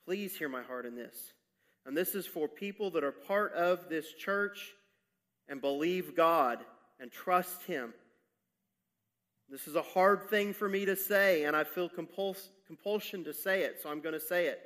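A male pastor preaching a candid sermon to his church, talking haltingly with many restarts and building in intensity. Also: high voice, fairly bright tone. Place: church sanctuary.

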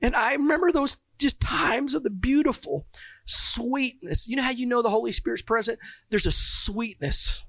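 A man's voice: very high voice, very animated, normal speed, vocal fry, fairly bright tone, no room sound. A man preaching a sermon, telling his own stories with fervent emotion. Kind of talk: testimonial sermon. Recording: dull, dry lo-fi recording.

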